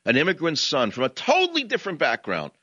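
A man's voice: fairly high pitch, huge pitch swings, fast, sharp tone, no echo, muffled recording. A man from New York with a New York accent, hosting a talk radio show in an impassioned, combative way. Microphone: studio microphone, dry.

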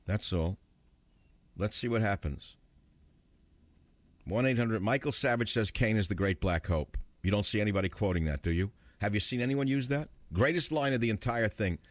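A man's voice: lowish voice, no room sound, dull audio. A man hosting a talk radio show, combative and mocking as he rants about the news.

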